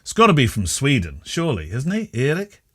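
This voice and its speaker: A man's voice: mid-range voice, fast, breathy edge, dry recording, studio quality. A man co-hosting a podcast, chatting casually and telling jokey stories with frequent laughter. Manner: jokey, animated storyteller who laughs often. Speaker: podcast co-host. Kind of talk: casual chat.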